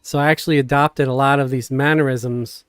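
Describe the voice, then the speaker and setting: A man chatting casually on a game live stream, halting and full of restarts, coughing now and then. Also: medium pitch, clean tone, dry recording, faint music behind. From Queens, New York. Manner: halting, many fillers and restarts, animated. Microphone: desk mic, sometimes knocked.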